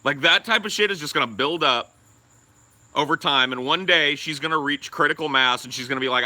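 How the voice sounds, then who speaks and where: Bright-voiced man, profane casual rambling. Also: on the high side, fairly quick. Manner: profane, rambling, loud bursts of laughter. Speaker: podcast co-host. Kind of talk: casual chat.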